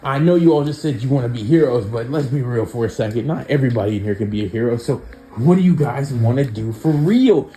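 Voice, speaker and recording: A man's voice: mid-range voice, quick pace, warm tone, slight background noise, close to an everyday voice. A man voicing an easygoing middle-aged male schoolteacher who talks in a breezy, casual way.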